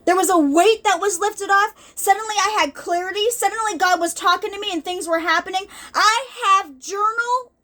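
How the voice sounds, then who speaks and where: A woman's voice: very high-pitched, moderate pace, few pauses, sharp tone. A woman hosting an unscripted ministry video, giving an earnest, rambling spiritual testimony with many restarts and asides, emotional at times.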